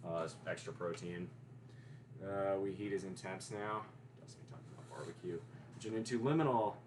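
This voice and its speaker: Speaking at a moderate pace in a low voice, with some background noise, a Southern American man from the Deep South hangs out on a livestream. He keeps it casual, cracking jokes, teasing, and responding to viewers' chat.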